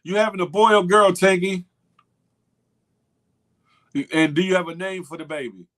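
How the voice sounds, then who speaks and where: In a casual chat, a morning show host reads viewer comments aloud and teases his audience with slang and laughs. He speaks at a moderate pace in a high, fairly bright voice.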